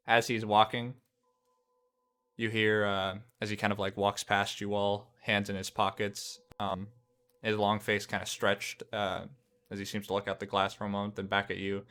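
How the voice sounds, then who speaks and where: A man narrating as game master for a tabletop game, wandering through his descriptions with many fillers and self-corrections. His voice sits low and sounds bright and smooth. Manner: rambling, many fillers and restarts.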